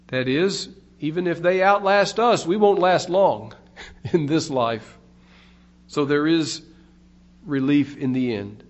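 A man preaching a sermon in a slow, deliberate way, his voice swelling louder on key phrases. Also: a little high, lively intonation. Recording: dull lo-fi recording.

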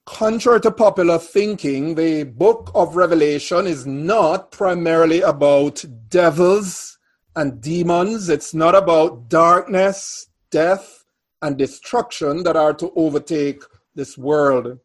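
A man preaching a sermon, reading scripture aloud and then expounding on it in a measured, deliberate way. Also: fairly high pitch. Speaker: pastor.

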